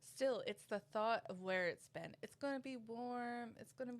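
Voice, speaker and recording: A woman's voice: on the high side, normal speed. A woman guest on a casual podcast, wry and matter-of-fact.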